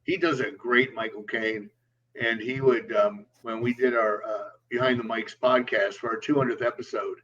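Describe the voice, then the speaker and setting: A man's voice: medium pitch, fairly even intonation, normal speed, a bit bright. A man co-hosting a podcast in casual chat, rambling with many ums and uhs. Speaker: podcast co-host. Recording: lo-fi, distant mic with faint hum.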